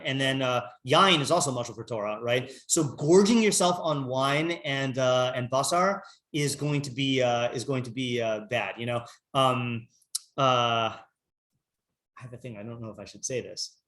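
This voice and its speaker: A man's voice: mid-range voice, fairly bright tone. A man, a rabbi, teaching a casual morning class, reading Hebrew texts and thinking aloud with many fillers.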